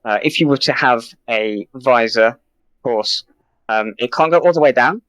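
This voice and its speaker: British man, mock-formal presenter, dry close sound, middle pitch, stop-start delivery. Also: moderate pace, a bit bright, no echo, low-quality recording. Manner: mock-formal, hesitant, with many ums and restarts. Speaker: presenter in a comedy sketch. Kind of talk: improvised comedic pitch.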